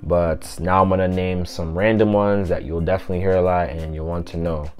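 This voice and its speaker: A man giving a casual vlog language lesson, repeating words slowly for pronunciation in a chatty, loose way. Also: low voice, steady tone, soft background music. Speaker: language teacher vlogger.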